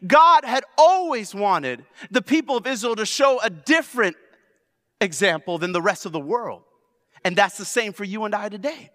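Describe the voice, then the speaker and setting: A man in his thirties preaching a sermon, swinging from loud exhortation to hushed storytelling. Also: high-pitched, animated, moderate pace. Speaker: pastor. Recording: long reverb of a large hall.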